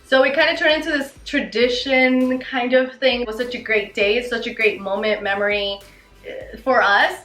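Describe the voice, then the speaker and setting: A young woman telling her story to camera in a casual, excited and gushing way, full of "you know" and "like". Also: on the high side, moderate pace, roomy sound, soft background music, poor audio. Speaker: vlogger.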